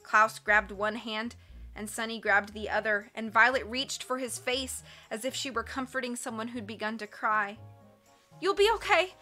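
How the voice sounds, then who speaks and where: A woman reading a book aloud as scripted narration, expressive and measured. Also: fairly high pitch, soft background music. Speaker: audiobook reader.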